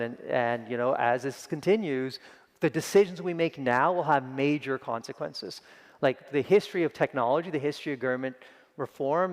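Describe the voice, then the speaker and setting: Earnest man speaking quickly on a panel. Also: medium pitch. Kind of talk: conference panel discussion. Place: large conference hall. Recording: long hall reverb.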